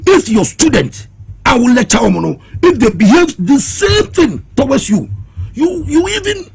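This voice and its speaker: Raspy, high-pitched Ghanaian man. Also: sing-song, normal speed, a little mellow. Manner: impassioned and challenging, switching between Twi and English. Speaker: political commentator. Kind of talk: heated political commentary.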